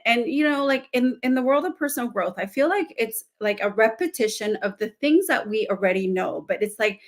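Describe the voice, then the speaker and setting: A woman coach as a guest in a casual interview chat, reflective and thinking aloud with many fillers. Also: mid-range voice.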